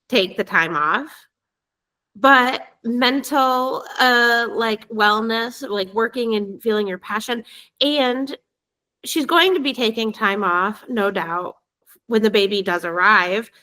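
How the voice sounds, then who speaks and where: A woman co-hosts a casual podcast in a bright, sharp voice that sits a little high. She chats freely, laughs easily, and swears now and then. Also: slow. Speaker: podcast co-host. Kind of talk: casual chat.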